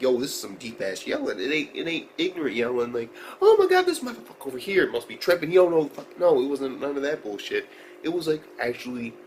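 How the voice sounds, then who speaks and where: A man's voice: mid-range voice, a little hiss or hum, rough recording. Profane, slangy male anime reviewer. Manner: profane, slangy, rambling, excitable. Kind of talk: casual video review.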